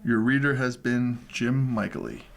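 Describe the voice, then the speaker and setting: A man reading newspaper horoscopes, death notices and comics aloud in a steady, plain manner. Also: mid-range voice, moderate pace, creaky. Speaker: volunteer newspaper reader. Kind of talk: read-aloud news and features.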